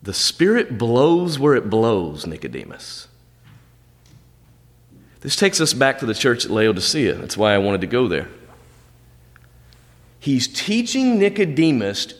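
Animated male preacher in a reverberant hall. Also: unhurried, pauses often. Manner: animated preaching, pitch jumping high on emphasis. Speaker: pastor. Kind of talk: sermon. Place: church sanctuary.

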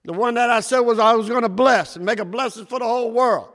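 A man preaching a sermon, shouting at times and swinging between loud and soft. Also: quick pace. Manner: preaching with shouts and wide swings in pitch and loudness. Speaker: pastor. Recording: echoey hall.

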